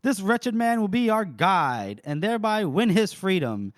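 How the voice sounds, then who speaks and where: A man's voice: high-pitched, big pitch swings, a little slow, no echo, studio quality, voice pushed up. A man voicing a pompous, self-important soldier of fortune, with grand, theatrical delivery, while recapping a novel on a podcast.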